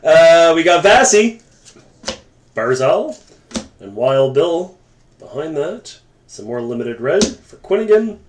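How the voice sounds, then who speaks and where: A man's voice: fairly high pitch, sing-song, slow pace, long pauses. A man hosting a live sports card break, calling out cards and joking with viewers in the chat. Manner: chatty, joking asides to viewers. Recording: echoey room with faint noise.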